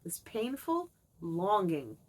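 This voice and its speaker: A woman's voice: medium pitch, very animated, slow, husky. A middle-aged woman talking candidly to camera about her childhood and her pets, reflective and confiding. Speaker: vlogger. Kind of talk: candid personal monologue.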